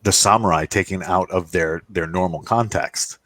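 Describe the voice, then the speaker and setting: A man with a very low voice chats casually as a co-host, wandering through anecdotes with plenty of restarts. The sound is close and dry, with no room around it. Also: normal speed, fairly bright tone, no room sound. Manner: rambling storyteller, acts out quoted voices. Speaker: podcast co-host. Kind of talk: casual roundtable chat.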